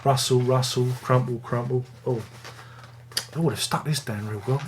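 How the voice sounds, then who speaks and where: A man's voice: mid-range voice, fairly even intonation, normal speed. A man hosting a casual music review video, rambling and joking at his own expense. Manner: rambling, jokey, self-mocking.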